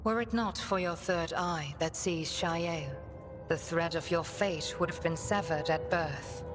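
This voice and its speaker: A woman's voice: fairly low pitch, measured pace, natural voice. A woman voicing a cold, scornful alien warrior woman. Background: game music.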